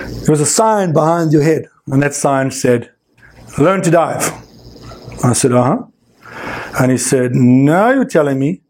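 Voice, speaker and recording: A man with a notably high voice recounts a story in an animated, emphatic way. He jumps into quoted back-and-forth and leans on repeated fillers and restarts. He sounds middle-aged and like a seasoned dive instructor. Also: breathy edge. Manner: frequent fillers and repeated words. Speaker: scuba diving instructor. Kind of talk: storytelling anecdote.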